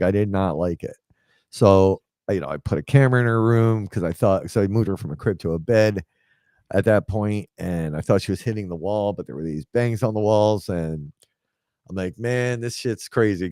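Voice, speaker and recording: In a low, warm voice, a man in his forties casually rambles through a story from his life, using many fillers and frequently reenacting conversations. It's studio-quality audio with no room sound.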